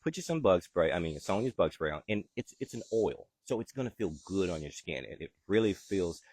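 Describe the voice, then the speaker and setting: A man hosting a casual morning gardening chat, talking in a relaxed, friendly, jokey way. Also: sits low, a little fast, slightly rough, no echo. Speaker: gardening show host. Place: outdoors in a garden.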